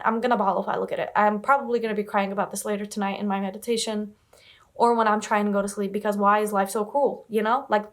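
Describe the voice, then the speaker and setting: A young woman chatting to camera in a casual reading vlog, rambling and emphatic, repeating herself and swearing casually, upset and close to tears. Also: mid-range voice. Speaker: book vlogger.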